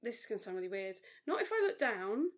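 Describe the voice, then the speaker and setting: A woman's voice: medium pitch, big pitch swings, fast. A woman in casual podcast chat, candid and self-deprecating, sharing personal stories.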